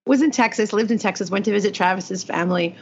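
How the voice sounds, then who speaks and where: A woman from the eastern US co-hosts a casual book discussion, a lively storyteller with quick asides. Her voice sits in a middle range, and the recording is dull and muffled. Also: mid-range voice, a little hiss or hum. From eastern United States. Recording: dull lo-fi podcast audio.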